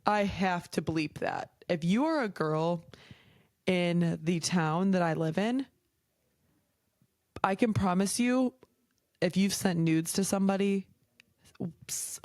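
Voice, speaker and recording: This young podcast host speaks in a lowish, somewhat dark voice with no echo around it. Her casual chat is frank and heated, thick with swearing and constant "like".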